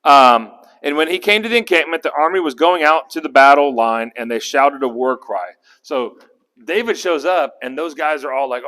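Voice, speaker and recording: A man with a slightly high voice and a brisk pace leads a relaxed Bible study. He works through the passage, acts out the characters' lines with animation, and keeps things conversational by putting questions to his group.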